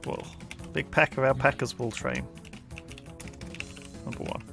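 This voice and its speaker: A man hosting a casual multiplayer game session, joking and bantering quickly with friends. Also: medium pitch, sing-song, vocal fry, over music. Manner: jokey, quick banter with swearing. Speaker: host. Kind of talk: casual multiplayer gaming chat.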